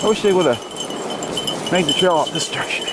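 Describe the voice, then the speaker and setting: A high-pitched man calls out to his dogs as he rides through snowy woods. He keeps coaxing them with short, repeated commands. Steady wind noise runs under his voice. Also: brisk. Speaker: vlogger biking with his dogs. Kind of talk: casual talk to his dogs while riding. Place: outdoors in snowy woodland.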